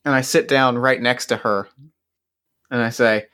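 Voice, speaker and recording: Man, player, medium pitch, casual, hesitant, describing actions in a tabletop game. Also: steady tone, a little slow, pushed and bright, clear, resonant tone.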